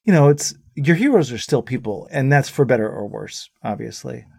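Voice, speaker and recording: A man's voice: medium pitch, moderate pace, creaky, slightly rough, dry recording, clean studio sound. A man as a guest on a talk show, telling anecdotes and quoting the people in them. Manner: animated anecdotes with quoted voices. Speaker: musician guest. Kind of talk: casual storytelling interview.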